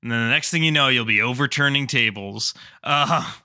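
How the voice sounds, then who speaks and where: A man's voice: mid-range voice, fairly quick, sharp tone, smooth. A man, telling a rambling story on a casual podcast, with lots of fillers. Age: 30s. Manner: rambling, loose, with frequent fillers. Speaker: podcast co-host.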